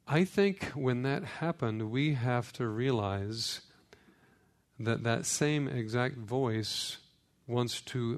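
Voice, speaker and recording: A man preaching a sermon on a radio program, slow and emphatic with many pauses. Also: medium pitch.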